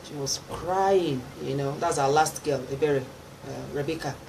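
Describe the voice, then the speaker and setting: A woman's voice: deep voice, unhurried, a little mellow, rough recording. A middle-aged Nigerian woman, a gospel singer, telling her testimony in a radio interview and acting out the voices of people in her story. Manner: storytelling with acted quotes and laughter. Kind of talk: animated testimony. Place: radio studio. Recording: faint background noise.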